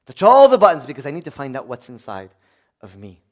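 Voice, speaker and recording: A male priest preaching with a fairly high voice that swoops through a wide, lively range. He moves from hushed, prayerful passages to loud exclamations, and keeps turning to his listeners with questions. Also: fairly quick. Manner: conversational, asks the audience questions. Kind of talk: sermon.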